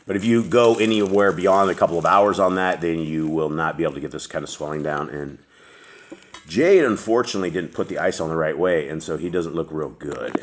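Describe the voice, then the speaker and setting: A man with a very deep voice hosts a casual chat. He rambles along with plenty of fillers and restarts. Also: fairly quick, slight background noise. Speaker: host.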